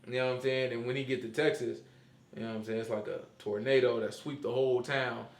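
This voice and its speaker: A man in casual chat, animated and slangy, who keeps asking "you know what I'm saying?". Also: mid-range voice, quick pace. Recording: roomy echo.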